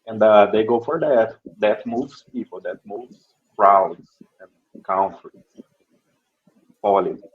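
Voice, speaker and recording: A man's voice: lowish voice, takes it slowly, long pauses, narrow, tinny audio. A Brazilian man with a Portuguese accent, speaking English as a student in class, hesitant and searching for words. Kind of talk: classroom discussion.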